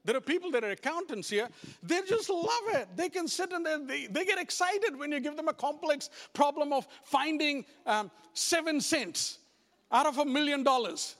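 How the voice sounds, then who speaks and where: Man, pastor, sermon, high voice, long hall reverb, talks straight to the congregation. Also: moderate pace. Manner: animated, repetitive restarts, addresses congregation directly.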